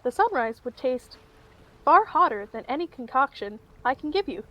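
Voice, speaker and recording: A woman voicing a calm, smiling male bartender who makes cryptic, polite offers. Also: high-pitched, normal speed, dull audio. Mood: amused.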